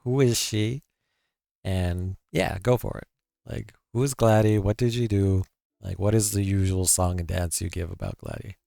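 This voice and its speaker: A man's voice: on the low side, fairly even intonation, normal speed, creaky, dark tone, dry recording, clean studio sound. A male host running a casual interview, prompting his guest in an encouraging way.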